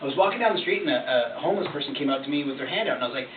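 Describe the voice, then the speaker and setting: Male performance coach, high lively voice, candid and animated, tinny echoey room sound from a distance. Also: racing. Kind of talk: coaching session.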